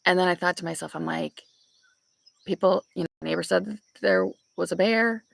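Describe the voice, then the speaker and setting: Young woman, gravelly and husky, chatty storyteller, porch vlog with birds outside. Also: on the low side, fairly bright tone, dry recording. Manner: chatty, storytelling, laughs often. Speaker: vlogger. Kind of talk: casual chat with live viewers. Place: back porch outdoors.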